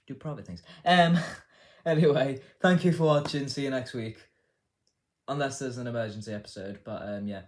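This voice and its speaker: A man's voice: mid-range voice, moderate pace. A man hosting a casual news commentary show, rambling and swearing with a sarcastic edge. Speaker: host.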